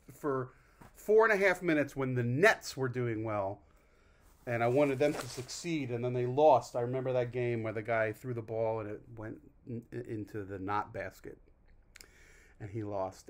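A man's voice: medium pitch, fairly bright tone. Rambling, wry male vlog host. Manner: wry, rambling, self-deprecating, with mock groans. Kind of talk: casual rambling monologue.

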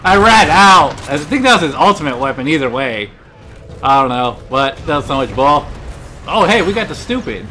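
A young man recording excitable, swear-filled let's play commentary, yelping and grumbling at the game over its gunfire. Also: on the high side, moderate pace, background noise. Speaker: gaming YouTuber. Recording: gameplay gunfire behind the voice. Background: gunfire and explosions from the game.

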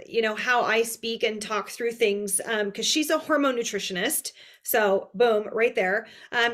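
Canadian-born woman podcast host, bubbly and talkative, a bit higher pitch. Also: a bit bright. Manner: chatty, upbeat, many fillers. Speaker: podcast host, fitness and nutrition coach. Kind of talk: casual interview chat.

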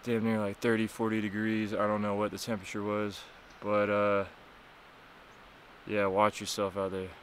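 This young man vlogs beside a cold river and waterfall, giving a casual, rambling, swear-filled recap of how he nearly drowned; he sounds shaken, weak, exhausted and cold. His lowish voice is completely flat and moves at normal speed, with slight background noise.

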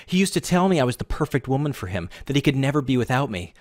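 A man's voice: mid-range voice, very animated, quick pace, dry recording, studio quality, natural voice. A man voicing a sobbing, desperate married woman, pleading shakily through tears. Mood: tearful. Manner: tearful, shaky pleading.

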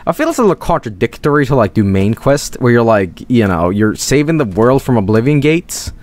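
A man streaming a video game, rambling and swearing in casual commentary with sudden high-pitched outbursts. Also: very animated, a little fast, a little mellow.

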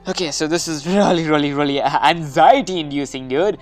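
A woman giving casual gameplay commentary, excitable and anxious, often calling out "dude". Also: deep voice, brisk, soft background music. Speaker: gaming video host.

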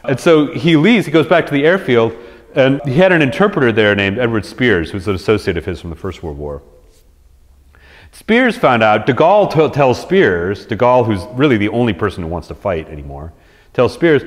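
A man giving a conversational history lecture to an audience, animated, acting out quotes in lively voices, with frequent restarts. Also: medium pitch, normal speed. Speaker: resident historian giving a talk. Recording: lecture hall reverb.

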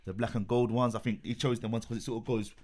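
A man, a boxing coach in casual chat, telling a story with lively acted quotes. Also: medium pitch, fast.

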